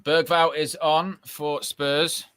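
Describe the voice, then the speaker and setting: A young man doing casual live football watch-along commentary, reacting excitedly and shouting at big moments. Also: on the high side, takes it slowly, clear, resonant tone, dry recording.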